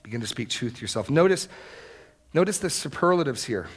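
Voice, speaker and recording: A man preaching an earnest sermon, rising to loud, emphatic exclamations. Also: medium pitch, a little fast, slightly rough. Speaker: pastor.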